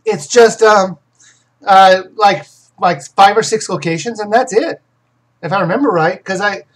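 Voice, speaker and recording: A husky-voiced game reviewer hosting a casual live question session. The voice sits at a middle pitch, and the talk rambles with frequent restarts and confident opinions on games. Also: measured pace, rough recording. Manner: rambling, self-correcting, many restarts.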